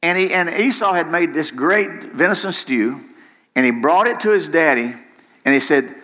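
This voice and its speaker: A man's voice: a little high, lively intonation, moderate pace, sharp tone. A man preaching a sermon in an impassioned way, repeating phrases for emphasis. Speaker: pastor.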